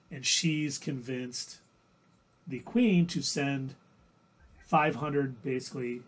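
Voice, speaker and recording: A man's voice: mid-range voice, husky. A man co-hosting a livestream, casually recapping TV episodes in a rambling, self-correcting way. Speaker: livestream co-host.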